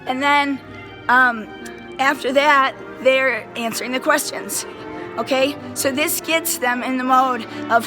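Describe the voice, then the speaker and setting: Excited band teacher lady, slightly high voice, keeps going "right?", a bit under the weather. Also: moderate pace, over music. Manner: animated, enthusiastic, keeps checking in with "right?" and "okay?". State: a little sick. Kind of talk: casual how-to lesson to camera. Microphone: handheld phone.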